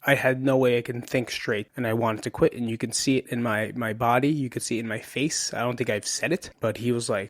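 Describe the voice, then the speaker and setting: A man hosting a podcast, telling a personal story in a casual, profane, animated way into a studio microphone. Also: mid-range voice, fairly quick, no echo. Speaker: podcast host. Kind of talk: storytelling monologue.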